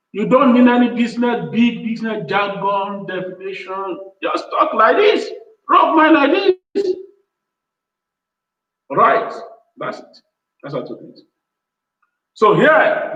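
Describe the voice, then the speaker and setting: A fairly high-voiced man hosts a business show and urges his viewers on in a repetitive, pleading motivational talk. His voice sits back from the mic in a roomy space, and the sound is dull. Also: fairly bright tone, far from the mic.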